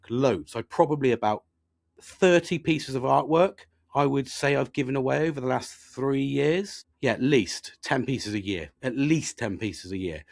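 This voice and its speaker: A middle-aged man, talking candidly and rambling in a casual podcast monologue, swearing often and poking fun at himself. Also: mid-range voice. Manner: sweary, rambling, self-deprecating. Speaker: podcast host.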